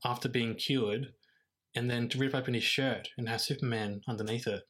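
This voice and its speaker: A man's voice: mid-range voice, steady tone, moderate pace, fairly bright tone. A man co-hosting a podcast in casual chat, hesitant and full of fillers. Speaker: podcast co-host.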